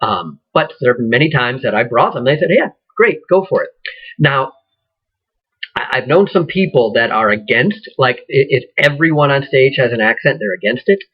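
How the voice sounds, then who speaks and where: Rambling man with a husky voice. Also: mid-range voice, normal speed, muffled recording. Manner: rambling, with many fillers and restarts. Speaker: acting teacher. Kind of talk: casual lecture.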